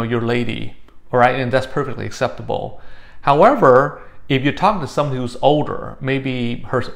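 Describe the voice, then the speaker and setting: A man's voice: mid-range voice, creaky. A man teaching a casual language lesson, explaining patiently and often checking in with "all right?".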